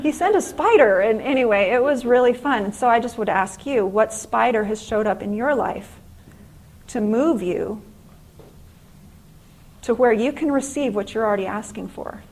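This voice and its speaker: A middle-aged woman giving a faith-based motivational class at a conference, telling stories with lively acted-out exclamations. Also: on the high side, normal speed, poor audio. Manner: animated storytelling, acting out exclamations. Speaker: conference speaker and author.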